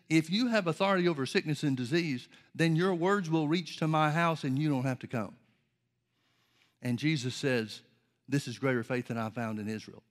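Male preacher, somewhat high-pitched, measured teaching sermon with scripture reading. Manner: measured, explanatory, reads King James verses aloud.

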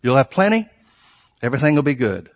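A man preaching a sermon, reading scripture slowly and pressing his points with rhetorical questions to the congregation. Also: mid-range voice, big pitch swings, big-room sound. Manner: reads scripture slowly and deliberately.

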